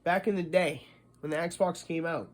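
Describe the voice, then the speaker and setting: A man's voice: on the high side, steady tone, normal speed. A man from the Boston area ranting casually, profane and rambling, restarting as he explains. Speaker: streamer.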